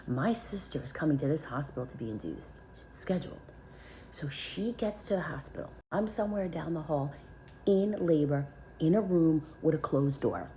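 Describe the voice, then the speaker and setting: A woman telling a personal story to her viewers, animated and dramatic, with whispered asides. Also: low-pitched, slight background noise. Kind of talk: casual storytelling to camera.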